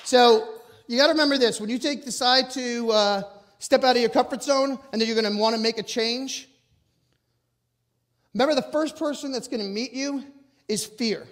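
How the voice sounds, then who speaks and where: A middle-aged man with a notably high voice delivers a motivational talk before a live audience. He speaks loud and emphatic, pushing his personal stories hard. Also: moderate pace.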